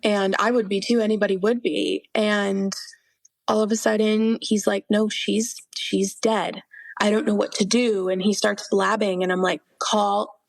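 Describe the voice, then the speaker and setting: A young woman speaks with a gravelly, fry-touched voice at a middle pitch, recorded close and dry. She recounts her testimony earnestly, full of fillers and quoted dialogue. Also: flat delivery, measured pace, dry recording. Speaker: podcast guest. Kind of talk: personal testimony in an interview.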